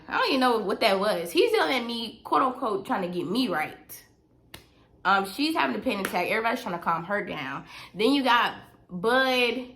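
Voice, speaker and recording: A woman's voice: medium pitch, bright, forceful tone. Woman telling a storytime vlog. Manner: emphatic, repetitive, talks straight to viewers. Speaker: vlogger.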